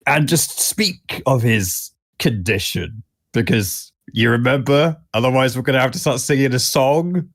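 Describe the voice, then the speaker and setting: A man playing a tabletop game, chatting in character in an animated, playful way. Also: mid-range voice, unhurried. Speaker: player. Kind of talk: in-character tabletop role-play.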